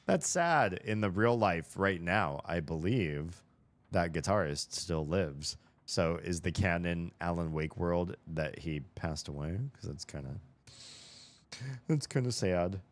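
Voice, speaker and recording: A man's voice: deep voice, expressive, slow pace. An American man with a neutral General American accent, chatting casually to his livestream audience while gaming, rambling and thinking aloud. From United States. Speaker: streamer.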